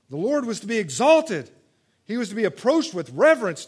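High-voiced man preaching conversationally. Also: very animated, a little fast, husky. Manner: conversational preaching, swings from loud emphatic to soft and quiet. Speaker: pastor. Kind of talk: sermon.

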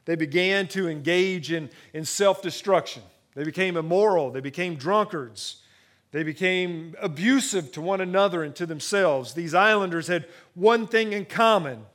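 Male pastor, slightly higher voice, preaching with shifts from quiet intimacy to excited build-ups. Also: moderate pace. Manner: dynamic preaching, drops to hushed intimacy then builds to rising excitement; repeats and restarts phrases. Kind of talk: sermon.

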